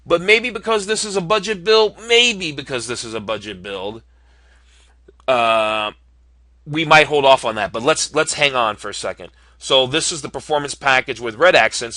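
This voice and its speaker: This casual screen recording has a man musing aloud, with plenty of ums and uhs, as he picks options in an online car builder. He speaks at medium pitch in a bright, forceful tone, with no echo.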